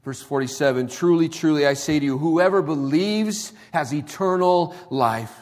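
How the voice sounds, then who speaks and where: Casting note: male preacher, slightly high voice, casual then emphatic delivery, long reverb of a sanctuary. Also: normal speed. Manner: conversational preaching, swinging from quiet to emphatic. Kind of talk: sermon.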